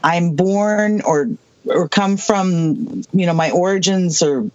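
A person in their sixties from the US Southwest, telling a personal story as an interview guest, halting, with many restarts and asides. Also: medium pitch, no room sound. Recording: dull lo-fi dry recording.

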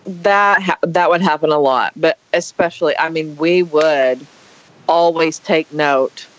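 A woman telling a personal story in a casual, animated and dramatic way. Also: low-pitched, unhurried, lo-fi sound. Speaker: guest storyteller.

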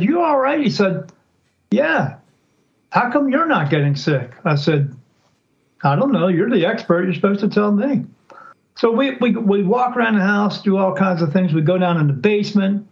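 High-voiced man telling a ghost story. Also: dull audio. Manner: animated, acts out quoted speech in changing voices. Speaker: podcast guest, psychic. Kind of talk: storytelling in a casual interview.

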